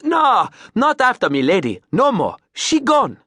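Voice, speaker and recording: A man voicing a tall, wiry male river boat captain with a Creole accent, speaking loudly in clipped, emphatic phrases. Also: extremely high pitch, huge pitch swings, a little slow, no room sound, studio quality, pitched above the performer's own voice, full character voice. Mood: boisterous.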